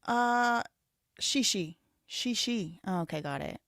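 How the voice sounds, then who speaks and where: A woman's voice: mid-range voice, lively intonation, takes it slowly, a bit bright, no room sound, clean studio sound. A woman in her thirties hosting a live stream, rambling casually and thinking aloud with lots of "like" fillers. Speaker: livestream host.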